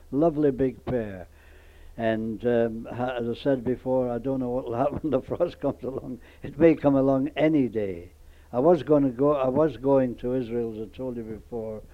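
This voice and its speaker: An older man talks his way through a spoken letter to a grandchild, wandering from one thing to the next and stopping to restart his sentences. The sound is dull and lo-fi, like an old home cassette tape. His pitch sits in the middle range. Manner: chatty, meandering, with frequent ums and restarts. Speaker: grandfather recording an audio letter.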